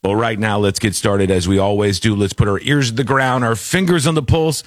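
A man's voice: fairly low pitch, a little fast, dry recording, clean studio sound. A man hosting a radio talk show in an upbeat, playful, chatty way. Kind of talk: lively radio show chat.

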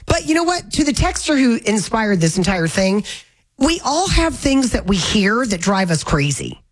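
A woman from Northern Florida hosting a talk radio show, chatting in a casual, opinionated way with lively exclamations. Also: medium pitch, moderate pace, low-quality recording. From Northern Florida, USA. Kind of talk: casual on-air banter.

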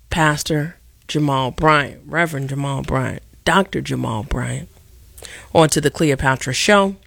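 A middle-aged woman from Chicago hosting a solo radio talk show, speaking with impassioned, deliberate emphasis like a preacher. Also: deep voice, gravelly, no echo.

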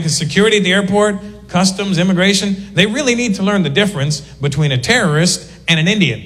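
A man's voice: extremely high pitch, noisy background. A Canadian man doing stand-up, telling stories with acted-out voices. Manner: animated storytelling with acted-out voices. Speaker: stand-up comedian. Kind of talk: stand-up comedy.

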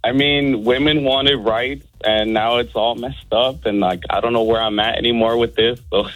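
A man calling into a radio show while sick, his voice deeper than usual, joking hesitantly with lots of ums. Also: steady tone, moderate pace, fairly bright tone, no echo, faint music behind, poor audio. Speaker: caller. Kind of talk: casual phone-in chat.

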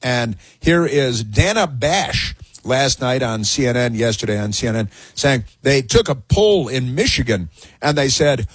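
A talk radio host with a slightly husky male voice rambles through a sarcastic, mocking monologue full of fillers and restarts. His voice is close and dry, with no room around it. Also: mid-range voice, animated, normal speed, no echo.

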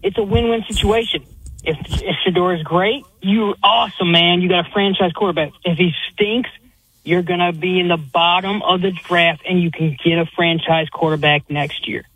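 A man's voice: high-pitched, fairly even intonation, moderate pace, fairly bright tone, slightly rough. A man calling in to a sports radio show, emphatic and ranting. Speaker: caller. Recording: tinny phone line.

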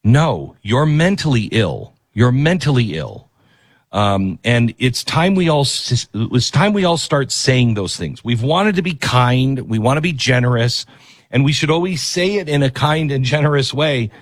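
A man's voice: medium pitch, very animated, unhurried, no room sound. A man hosting a political talk radio show and reading an ad in an emphatic, conversational way, often breaking off to restart his sentences.

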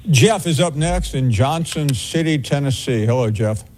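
Mellow man hosting a sports call-in show. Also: mid-range voice, animated, a little hiss or hum. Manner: measured, with frequent filler pauses. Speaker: sports radio host.

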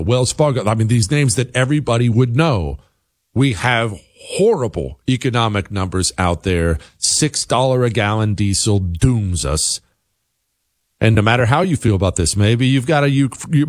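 A man's voice: fairly low pitch, no room sound, clean studio sound. A man hosting a political commentary show, talking in an emphatic, insistent, conversational monologue.

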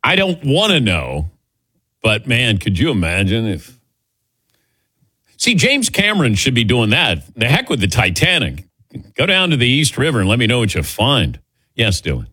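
A man's voice: medium pitch, huge pitch swings, normal speed, bright, forceful tone, slightly rough, no echo. An older man hosting a call-in sports show, his voice rising and falling a lot as he chats and chuckles. He sounds close and dry, with no room around him. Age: 60s. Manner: chatty, laughs often, takes calls. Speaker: sports radio host. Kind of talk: casual call-in radio chat.

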